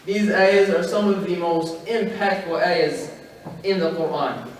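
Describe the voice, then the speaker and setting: A man with a high voice gives a religious study-circle talk to a gathered audience. He recites Arabic verses and explains them in English, asking rhetorical questions as he numbers his points. He is picked up from a distance in a strongly reverberant hall, with faint noise behind him. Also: steady tone, measured pace. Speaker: halaqa speaker.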